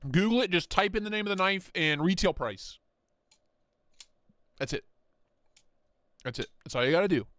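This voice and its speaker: A man's voice: high voice, lively intonation, moderate pace, long pauses, fairly bright tone, no room sound. A man hosting a casual live stream, joking and rambling as he talks, often breaking into laughter. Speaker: livestream host.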